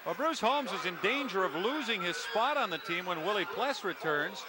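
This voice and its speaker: A man calling play-by-play for a televised football game in a crisp, steady broadcaster's delivery. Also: sits high, normal speed. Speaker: play-by-play announcer. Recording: loud crowd and stadium noise.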